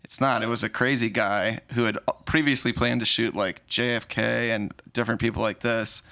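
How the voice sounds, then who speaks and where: A young man with a gravelly, fry-edged voice that still sounds bright and forceful. He chats loosely on a podcast, running through a film's plot and slipping into quick mock quotes. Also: medium pitch, fairly even intonation. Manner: recaps the movie plot with jokey quoted asides. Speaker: podcast co-host. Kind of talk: casual podcast chat.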